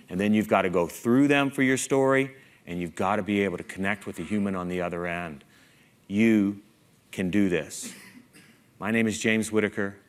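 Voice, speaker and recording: A man giving a conference keynote talk, self-mocking and lively, putting many questions to the audience. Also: lowish voice. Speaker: keynote speaker.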